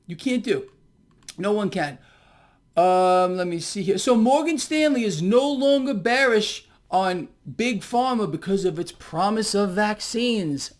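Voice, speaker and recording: A man's voice: high-pitched, normal speed, darkish tone. A man hosting a ranting finance commentary, sarcastic and heated, mocking the news he reads out. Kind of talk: ranting monologue to viewers.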